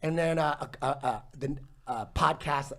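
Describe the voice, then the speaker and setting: A man's voice: a little high, moderate pace. A man in his forties telling a long story in casual, profane chat, laughing as he goes. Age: 40s. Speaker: podcast guest telling a story.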